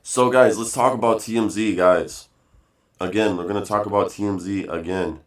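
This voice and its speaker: A man's voice: fairly low pitch, fairly even intonation, normal speed. A man streaming a casual rant, emphatic and repetitive, calling his viewers guys and bro, with fillers between points. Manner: emphatic, repeats phrases, says bro and guys often.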